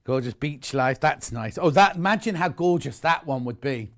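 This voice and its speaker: A man's voice: medium pitch, lively intonation, moderate pace, a bit bright. A middle-aged man presenting products live on a home shopping channel, chatty, enthusiastic and jokey about himself.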